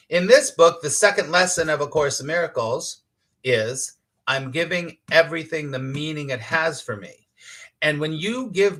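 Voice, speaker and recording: Bright, animated man giving a spiritual talk. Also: fairly high pitch. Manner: animated and emphatic, laughs easily, acts out inner voices; swears casually. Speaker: spiritual teacher hosting a live morning show. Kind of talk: casual spiritual talk, reading audience comments.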